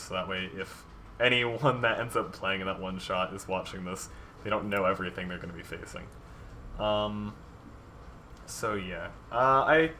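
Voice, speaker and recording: A dungeon master streamer designs tabletop game monsters live, chatting casually, rambling with lots of ums and reading viewer submissions aloud. His voice is fairly low in pitch with a bright, forceful tone, and there's slight background noise.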